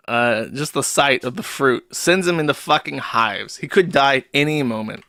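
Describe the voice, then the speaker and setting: Man, livestream host, sarcastic mocking commentary, forceful bright tone, dry close mic. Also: mid-range voice, fairly quick, hardly any pauses, dry recording. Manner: mocking, sardonic, swears freely.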